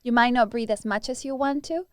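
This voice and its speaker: A woman's voice: a little high, a little fast, clean tone, dry recording, clean studio sound. A woman who teaches breathwork, answering interview questions earnestly and demonstrating breathing sounds as she explains.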